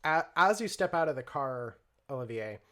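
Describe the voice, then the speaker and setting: A man narrating a tabletop role-play game as game master, relaxed and rambling, with lots of fillers. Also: mid-range voice, moderate pace.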